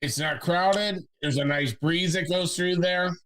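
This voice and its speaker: A man's voice: high-pitched, unhurried, a bit bright, no room sound. A man co-hosting a casual podcast, chiming in with short agreeing remarks. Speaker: co-host. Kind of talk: casual chat.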